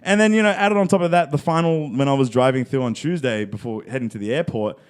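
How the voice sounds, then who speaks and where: A man's voice: medium pitch, fast, clear, resonant tone. A man, co-hosting a podcast and telling a long story in casual chat, acting out the voices of the people in it and swearing freely. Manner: animated, acts out quoted voices, heavy swearing.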